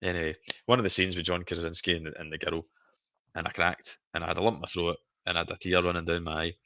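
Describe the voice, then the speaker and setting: A man's voice: low voice, level tone, quick pace, sharp tone, no room sound, highs cut off. A Scottish man in his thirties hosting a casual live stream chat, telling stories animatedly and laughing often. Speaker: stream host.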